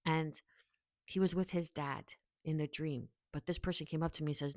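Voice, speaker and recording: A woman's voice: low voice, brisk, gravelly, a little mellow, no room sound. A woman casually giving a tarot reading, rambling and chatty as she talks straight to the viewer. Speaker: tarot reader.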